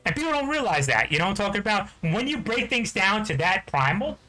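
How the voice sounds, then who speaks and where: A man's voice: sits high, sing-song, fast talker, bright, forceful tone, rough recording. A man from New Jersey, a game streamer, ranting angrily with heavy swearing and constant "you know what I'm talking about" fillers. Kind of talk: angry ranting chat.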